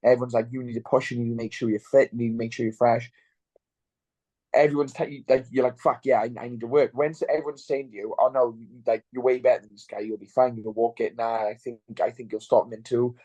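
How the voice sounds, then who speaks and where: A man's voice: medium pitch, flat delivery, fast, mellow, dry recording. A young man, a fighter in an interview, talking bluntly and swearing freely. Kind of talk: casual interview chat.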